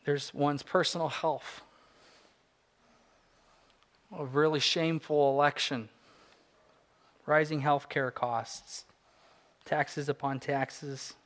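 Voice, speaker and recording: Forties male pastor, earnest sermon delivery, somewhat raised pitch. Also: fairly even intonation, slow pace. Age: 40s. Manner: earnest, swings between soft reflection and rising emphasis.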